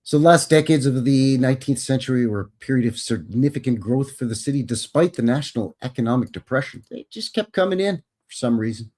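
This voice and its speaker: A man's voice: medium pitch, lively intonation, brisk, hardly any pauses, a little mellow. A Canadian man hosting a livestream, reading history text aloud and adding folksy, wry asides. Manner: folksy, says "bud" and "eh". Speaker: livestream host. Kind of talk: casual commentary reading aloud.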